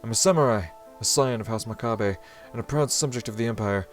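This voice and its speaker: A man's voice: on the low side, fairly quick, soft background music, lightly acted. A man reading aloud the inner monologue of a formal, flustered young male samurai from a visual novel. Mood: earnest.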